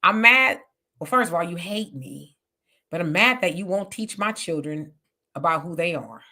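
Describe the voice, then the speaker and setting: A woman hosts a live stream in a bright, forceful voice that sits a little low, reading out viewer comments and answering them on the spot. She talks in a chatty, animated way, jumping in with quick reactions and asides. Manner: chatty and animated, reacting aloud with laughs and exclamations. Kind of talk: casual live chat.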